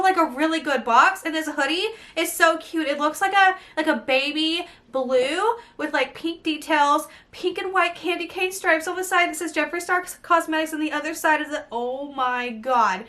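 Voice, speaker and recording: A young woman, gushing breathlessly through an excited unboxing vlog. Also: sits high. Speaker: beauty vlogger.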